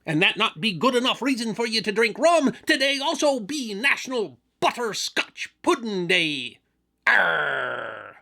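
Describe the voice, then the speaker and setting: A man's voice: sits high, very animated, unhurried, vocal fry, sharp tone, pitched above the performer's own voice, full character voice. A man putting on a boisterous male pirate voice, growling in pirate dialect and drawing out his words. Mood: rollicking.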